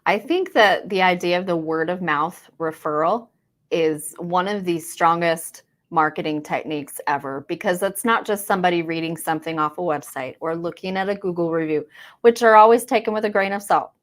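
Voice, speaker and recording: A woman with a somewhat low voice joins the discussion as a co-presenter. She speaks in a reflective way and affirms the other speaker's points. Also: moderate pace. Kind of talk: conversational discussion.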